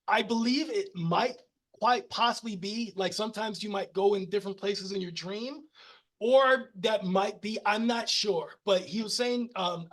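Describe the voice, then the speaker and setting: High-voiced man telling rambling stories. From United States. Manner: animated, rambling with many restarts and laughs. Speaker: podcast guest. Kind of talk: casual storytelling conversation.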